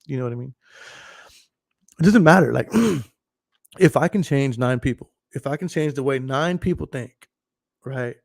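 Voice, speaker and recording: A man's voice: mid-range voice, animated, unhurried, creaky, long pauses, no room sound. A man in his thirties hosting a podcast, talking casually to a live stream, emphatic and profane and often laughing. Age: 30s. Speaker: podcast host. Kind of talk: casual livestream monologue.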